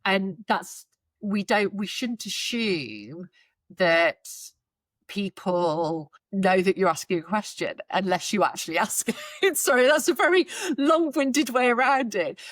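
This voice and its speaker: A woman hosts a career podcast in a mid-pitched, natural voice. She is encouraging and reflective, and she speaks articulately. The recording is close and dry. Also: lively intonation, a little slow, no room sound. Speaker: podcast host. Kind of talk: interview hosting.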